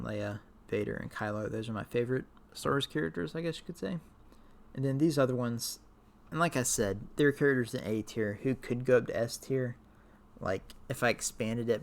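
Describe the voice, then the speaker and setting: A man casually talking through his character rankings, hesitant and full of fillers, tired and a little worn out. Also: medium pitch. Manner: rambling, hesitant, many fillers. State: tired, voice wearing out. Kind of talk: casual talk to camera.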